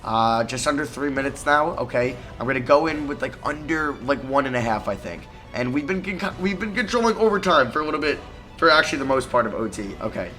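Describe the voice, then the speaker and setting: A man talking through his basketball video game as he plays it, his voice sitting at an ordinary middle pitch. He lurches between sudden loud outbursts and quiet, grumbling mutters. Faint music plays underneath him. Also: expressive, a little fast. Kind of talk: live gameplay commentary.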